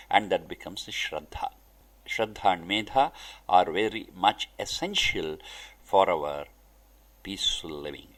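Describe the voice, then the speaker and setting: A man giving a spiritual discourse, speaking deliberately in short emphatic phrases. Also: on the low side, fairly bright tone. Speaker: spiritual teacher.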